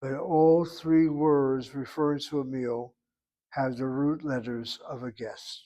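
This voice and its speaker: A man's voice: medium pitch, steady tone, takes it slowly, warm tone. A man teaching a Hebrew class, explaining grammar step by step and calling on students by name. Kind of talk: online class instruction.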